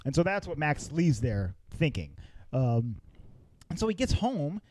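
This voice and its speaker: Animated male podcast co-host. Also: a little slow, dry recording. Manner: animated, acts out characters in exaggerated high voices. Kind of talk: casual film review chat.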